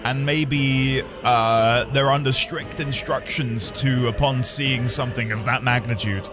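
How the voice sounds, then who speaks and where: A man's voice: mid-range voice, fairly even intonation, a little slow. A man streaming a video game, chatting casually with viewers in a rambling, jokey way. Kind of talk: casual gaming commentary. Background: game music.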